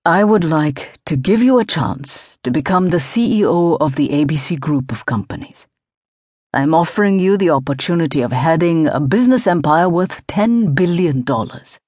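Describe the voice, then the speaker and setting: A woman reading the part of an elderly male business tycoon who speaks in a clipped, even, insistent way. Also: on the high side, moderate pace, no echo, clean studio sound. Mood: persuasive. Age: older.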